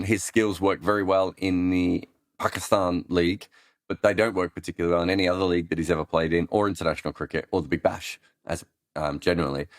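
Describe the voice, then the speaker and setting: In a dry, studio-quality recording, a low-voiced man hosts a relaxed live Q&A on cricket. He answers listeners' questions as an analyst, rambling and restarting often with plenty of ums.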